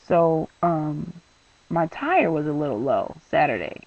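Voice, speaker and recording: A man's voice: on the high side, big pitch swings, a little slow, creaky, dry recording, distant mic, phone-quality sound. A young man venting in a vlog, rambling and exasperated with lots of fillers. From San Francisco Bay Area. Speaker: vlogger.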